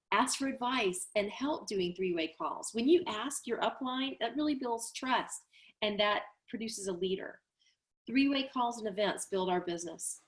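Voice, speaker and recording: A woman, co-hosting a team call and wrapping up with an upbeat, rallying pep talk. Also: mid-range voice. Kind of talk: motivational wrap-up talk.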